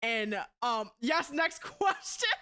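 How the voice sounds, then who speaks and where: A young woman streaming live, talking to her chat in a loud, blunt, profane way and laughing often. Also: fairly high pitch, animated, slow pace, smooth.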